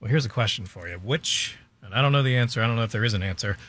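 A man's voice: fairly low pitch, racing, a bit bright. A man co-hosting a talk show, asking questions in laid-back casual banter. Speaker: radio show co-host. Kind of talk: casual chat.

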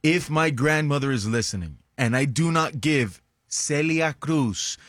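A man's voice: on the high side, animated, a little slow, a bit bright, no room sound, studio quality. A man co-hosting a radio show, bantering playfully and defending himself. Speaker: radio co-host.

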